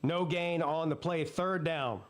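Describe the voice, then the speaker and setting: Calling each down and yardage of a live football game, this high-pitched sports channel host keeps a steady tone and a slightly slow pace. Between plays he erupts in blunt, profane rants, all in the loose running commentary style of someone hosting a watch party.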